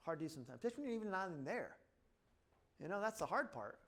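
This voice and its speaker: A man's voice: sits high, very animated, very fast, a bit bright. A middle-aged man, a chiropractor, talking casually to a room and telling stories from his practice, acting out quoted lines and saying "blah, blah" often. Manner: storytelling with acted-out quotes, repeats "blah, blah". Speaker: chiropractor speaking at a seminar.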